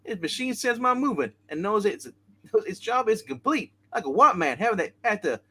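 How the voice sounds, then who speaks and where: A man's voice: high voice, big pitch swings, a little fast, pushed and bright, breathy edge, heavily acted. A man voicing a swaggering, agile male hero with a put-on Irish accent in a comic book read-aloud, joking and breaking character with asides. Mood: playful.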